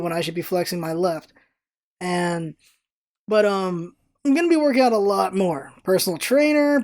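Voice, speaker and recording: Talking to the camera in a casual vlog, this woman has a mid-range voice that's a little mellow. Her manner is chatty and rambling, with frequent self-corrections.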